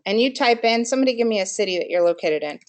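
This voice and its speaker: A woman's voice: on the high side, animated, very fast. A woman giving a live marketing workshop in a room with an audience, quizzing listeners and asking them for answers as she goes. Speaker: marketing presenter.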